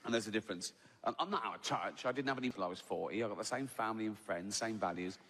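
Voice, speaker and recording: A man's voice: fairly low pitch, fast, fairly bright tone, breathy edge, in a large hall. A man doing a stand-up routine, chatty and sweary, tagging his lines with "right?". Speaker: stand-up comedian. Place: live venue with audience.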